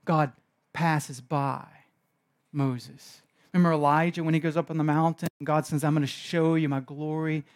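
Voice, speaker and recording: High-voiced animated man preaching. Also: moderate pace. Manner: animated, swinging from hushed to emphatic. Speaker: pastor. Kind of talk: sermon.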